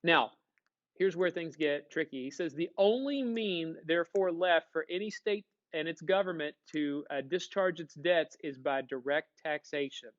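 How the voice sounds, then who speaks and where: Casual, animated male teacher, lo-fi. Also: fairly high pitch, moderate pace. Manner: casual, animated, asks the class questions. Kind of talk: classroom lecture.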